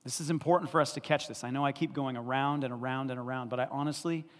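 A male pastor preaching a sermon, animated and repetitive, checking in often with the congregation. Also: medium pitch, fast talker, big-room sound.

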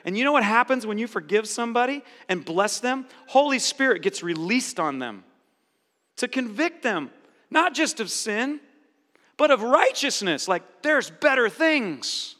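A high, bright-toned man preaching a sermon with emphatic, repeated phrases. His middle-aged voice carries through a large hall with a long reverb. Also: sing-song, unhurried. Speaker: pastor.

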